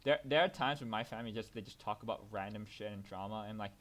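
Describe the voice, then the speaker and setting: A young man co-hosting a podcast while gaming, chatting casually, rambling and swearing, with many restarts and loud bursts when ranting. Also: fairly low pitch, fast. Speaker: podcast co-host.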